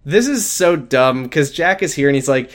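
A man's voice: mid-range voice, lively intonation, moderate pace. A man co-hosting a casual podcast who narrates a TV episode's plot with dry sarcasm. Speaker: podcast co-host. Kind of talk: casual chat recapping a TV episode.

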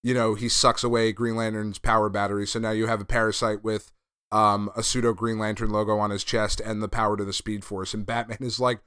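A man's voice: fairly low pitch, little pitch movement, fairly quick, a bit bright, clean tone, no echo, clean studio sound. A man hosting a podcast, casually recapping and reviewing a comic, laid-back and a bit profane. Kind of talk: casual chat.

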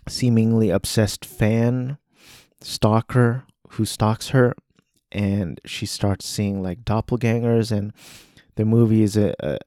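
A man's voice: on the low side, mellow, no room sound, clean studio sound. A man hosting a podcast, talking casually about films, rambling with restarts and acting out quoted lines. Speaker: podcast host. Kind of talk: casual film talk.

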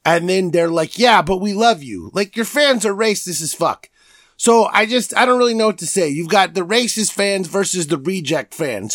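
A man hosting a podcast, loudly mocking and cursing through a comedic sports rant. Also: high voice, lively intonation, moderate pace, dry recording, studio quality. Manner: loud, mocking, profane ranting. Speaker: podcast host.

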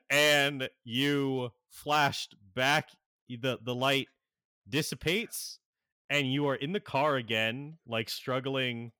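A man running a tabletop game as game master, narrating in a halting way with many fillers and frequent laughs. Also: mid-range voice, fairly even intonation, bright, forceful tone, smooth, dry recording, clean studio sound.

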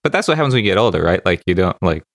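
A man's voice: low voice, sing-song, racing, fairly bright tone, no echo, studio quality. A man co-hosting a podcast, rambling with lots of "like" and cracking jokes in a casual chat. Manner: rambling, filler-heavy jokes.

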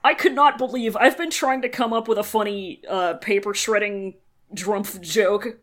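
A woman in casual podcast chat, making dry deadpan quips. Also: mid-range voice, normal speed.

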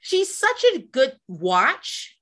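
A woman's voice: sits high, extremely slow. A woman from the American South co-hosting a podcast, telling gossip stories casually, swearing freely and acting out the people she quotes. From American South, near Kentucky. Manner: animated storyteller who swears freely and acts out quotes. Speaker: podcast co-host.

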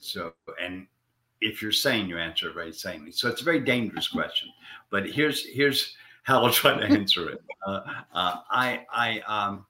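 A man's voice: fairly low pitch, animated, normal speed, sharp tone, echoey room, slight background noise. An older man, an actor being interviewed, talking casually in a rambling, hesitant way with frequent repeats. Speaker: actor guest.

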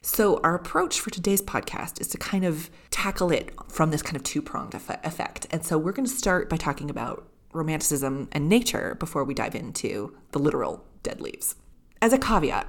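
A woman's voice: low voice, very animated, moderate pace. A woman co-hosting a podcast, chatting casually about a novel with lots of filler words. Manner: chatty, many fillers like "kind of" and "like". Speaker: podcast co-host. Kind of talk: casual literary podcast chat.

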